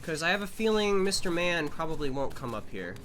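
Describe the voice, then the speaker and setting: A man's voice: fairly high pitch, big pitch swings, brisk, noisy background. A man streaming a horror game live, flustered and jumpy, out of breath and swearing when startled.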